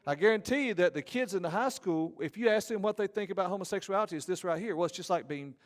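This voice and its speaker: A man's voice: high voice, quick pace. A man with a Southern Georgia accent giving a conference lecture as an ethics teacher, folksy and given to joking asides. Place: large church auditorium. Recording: reverberant hall.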